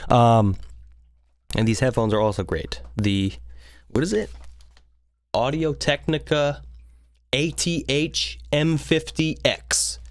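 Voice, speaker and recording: A man's voice: fairly low pitch, dry recording. A man hosting his own podcast in casual chat, rambling, swearing and joking through tangents into a studio microphone. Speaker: podcast host. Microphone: studio microphone with headphones.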